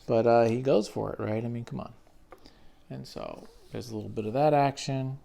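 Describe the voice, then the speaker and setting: A man's voice: mid-range voice, normal speed, gravelly, mellow, slight background noise. A man enthusiastically retelling a comic book story in casual, slangy commentary with frequent swearing. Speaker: comics reviewer.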